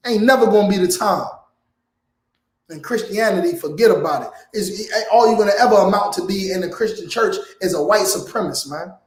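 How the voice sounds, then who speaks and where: A man's voice: sits high, brisk. A man preaching in a heated, blunt lecture, often ending his lines with "man". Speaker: preacher teaching a class. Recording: echoey room.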